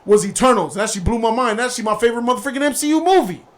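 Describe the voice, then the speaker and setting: Blunt, high-voiced man arguing hotly. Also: animated, racing, a bit bright. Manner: blunt, combative, slangy. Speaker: show host. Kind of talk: heated casual debate.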